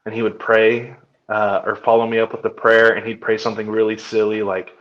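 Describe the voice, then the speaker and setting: A man's voice: lowish voice, level tone, a little fast, a bit bright, muffled recording. A young man, a podcast co-host, chatting casually and telling family stories, acting out his son's lines. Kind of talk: casual chat.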